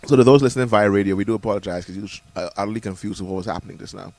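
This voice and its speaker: A man's voice: fairly low pitch, very fast, darkish tone. A man co-hosting a morning radio show in casual chat, playful and often laughing as he rambles through restarts. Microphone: studio microphone.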